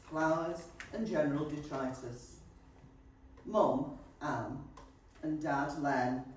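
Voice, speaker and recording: A man reading out stage directions as narrator, slow and measured. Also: a little high, slight background noise. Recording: echoey hall, far from mic.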